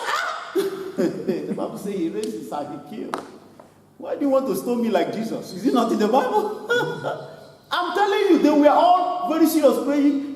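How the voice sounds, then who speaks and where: A man preaching a sermon as pastor, animated, laughing and imitating people as he goes. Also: very high voice, moderate pace, background noise. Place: church hall. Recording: echoey hall from far off.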